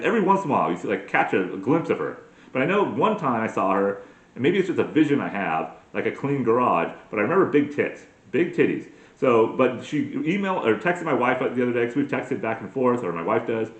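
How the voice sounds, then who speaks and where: A man's voice: medium pitch, roomy sound. A man in his forties doing a crude, self-mocking comedic monologue as a podcast host, full of profane rants. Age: 40s.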